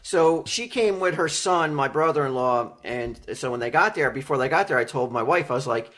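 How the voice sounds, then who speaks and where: A man's voice: medium pitch, animated, moderate pace, hardly any pauses, fairly bright tone. A man co-hosting a casual podcast, dropping in dry jokes and questions before starting his own story. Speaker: podcast co-host. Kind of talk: casual chat.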